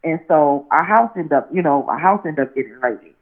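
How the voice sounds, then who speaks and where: On a tinny phone line, a woman guest with a voice that sits low and lively intonation tells a story at normal speed. The interview is casual, and her telling rambles with restarts and "you know what I'm saying."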